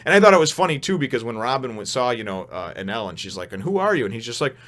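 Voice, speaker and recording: A man's voice: mid-range voice, quick pace. A young man giving a casual, rambling spoken review of a manga chapter, full of fillers and restarts. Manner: rambling, animated, many fillers and restarts, laughs often.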